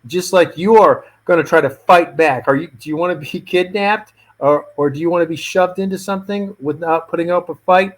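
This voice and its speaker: A man's voice: a little high, brisk, few pauses. A man, a dog trainer and podcast host, giving an indignant, emphatic reaction commentary on a video and repeating his key words.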